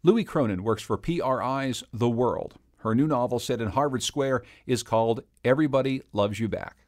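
A man hosting a public radio news show, introducing guests and segments in a measured, scripted way. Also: mid-range voice.

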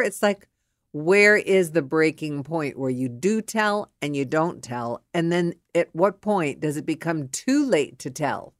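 Animated middle-aged woman, frank and unhurried. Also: low-pitched, no room sound, clean studio sound. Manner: candid, animated, acts out both sides of a scene. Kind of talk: frank monologue on relationships.

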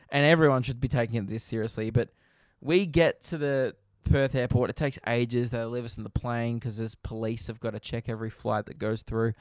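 A man's voice: mid-range voice, clean tone, no echo, studio quality. A young Australian man hosting his own podcast, telling stories casually, swearing a lot and acting out the people in them. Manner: swearing, animated, acts out other people in funny voices. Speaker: podcast host. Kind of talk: casual solo podcast storytelling.

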